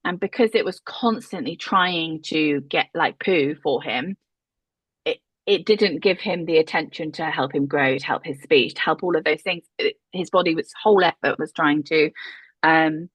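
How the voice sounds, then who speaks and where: A woman tells her story in a chatty way, laughing a lot and swearing freely. Her voice sits low and husky. The sound is dry and close, with no room echo. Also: moderate pace. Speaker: podcast guest, mother. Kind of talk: casual storytelling.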